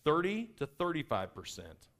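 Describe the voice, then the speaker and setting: Man, middle-aged, workshop presenter, energetic seminar delivery, swooping lively pitch. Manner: animated, acts out personality types in quick voices.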